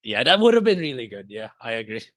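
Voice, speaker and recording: A man on a podcast chimes in with quick agreement. His voice is bright and moves lively up and down. The sound is dry. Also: medium pitch, no room sound. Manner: short agreeing replies. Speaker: podcast co-host. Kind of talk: casual chat.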